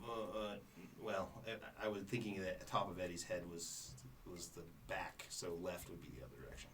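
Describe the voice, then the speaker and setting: A man playing a tabletop game in a game store, thinking aloud with halting, hesitant speech. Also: low-pitched, steady tone, a bit bright, recorded from a distance, slight background noise. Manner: halting, many fillers and restarts. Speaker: player. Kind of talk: casual tabletop play.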